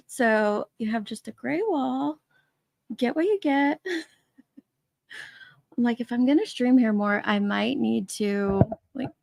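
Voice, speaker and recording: A woman's voice: on the high side, vocal fry, a little mellow, no room sound, studio quality. A woman hosting a casual live stream, chatting and laughing as she greets viewers by name from her basement man cave. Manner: chatty, laughing often, greeting chat names. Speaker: livestream host.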